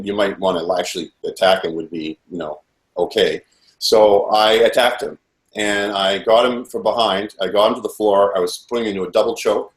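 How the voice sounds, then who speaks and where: A man with a fairly low voice recounts his testimony intensely, replaying the dialogue as he goes. He sounds earnest and urgent. The recording has a roomy echo. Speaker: witness giving testimony. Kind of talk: personal testimony, recounting events. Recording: echoey room.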